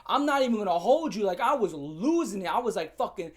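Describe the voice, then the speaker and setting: A young man speaks fast in a high, very animated voice, telling his viewers a story from his school days. It comes out as a heated, profane rant packed with slang, and he talks straight to them and keeps repeating himself.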